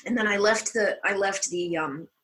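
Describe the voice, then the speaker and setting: A woman's voice: normal speed, rough recording. A middle-aged woman, a stage actor, telling a story in a casual interview and acting out the lines she quotes. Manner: animated storyteller, acts out quoted lines with big pitch jumps.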